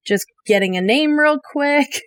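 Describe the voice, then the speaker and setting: A woman's voice: sits high, lively intonation, unhurried, a bit bright, no echo, studio quality. A woman chatting and laughing at a tabletop game, thinking aloud as she describes a card. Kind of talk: casual chat at the game table.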